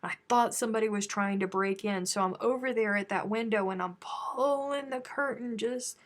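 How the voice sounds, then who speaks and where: A woman's voice: a little high, normal speed. Chatty Southern woman telling stories. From American South. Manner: chatty storytelling, animated when telling stories. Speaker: crochet live stream host. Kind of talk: casual live chat with viewers.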